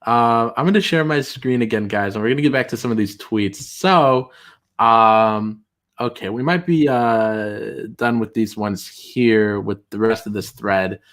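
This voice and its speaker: A man's voice: measured pace, a bit bright. Casual male streamer chatting. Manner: reads tweets aloud in mocking high voices, laughs often. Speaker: streamer host. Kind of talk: casual livestream chat.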